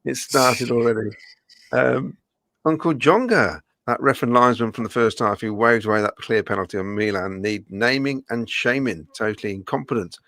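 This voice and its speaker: Croaky man reading fan comments. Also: lowish voice, fairly quick, hardly any pauses, fairly bright tone, no echo. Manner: dry, chatty, reads comments aloud. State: croaky from a cold. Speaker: podcast co-host reading comments. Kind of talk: casual fan podcast chat.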